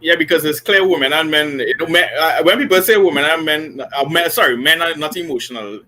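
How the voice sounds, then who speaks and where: A man on a casual men's panel, chatty and quick to laugh. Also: fairly high pitch, bright, forceful tone.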